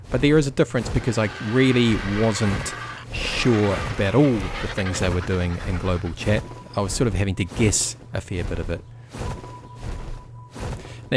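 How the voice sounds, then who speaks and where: Man, casual gameplay commentary, blunt and chatty, music playing behind. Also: fairly low pitch. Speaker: gaming YouTuber. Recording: background game music.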